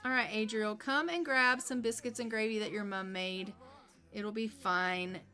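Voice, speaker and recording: A woman's voice: mid-range voice, fairly even intonation, unhurried, bright, forceful tone, faint music behind. A woman streamer narrating a life-simulation game casually, chatty with many fillers.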